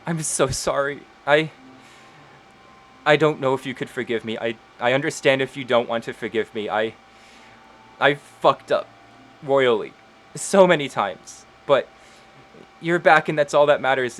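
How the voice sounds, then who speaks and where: A man's voice: mid-range voice, moderate pace, long pauses, a bit bright, pitched above the performer's own voice, lightly acted. A man doing a sobbing remorseful young woman. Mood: tearful, pleading. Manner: sobbing, pleading apologies. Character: tearful remorseful young woman, Arya's sister.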